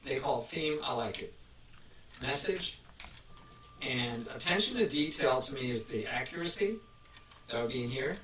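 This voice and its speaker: Chatty man with a bright voice, rambling live. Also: medium pitch, expressive, moderate pace, long pauses, a little hiss or hum. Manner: rambling, chatty, restarts often. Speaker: live-stream host. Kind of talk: casual live-stream chat. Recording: roomy, mic at a distance.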